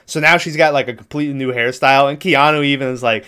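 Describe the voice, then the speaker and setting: A man's voice: mid-range voice, steady tone, quick pace, sharp tone, clean tone. Rambling, profane man retelling a movie. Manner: rambling, profane, laughs through his retelling. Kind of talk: casual movie recap chat.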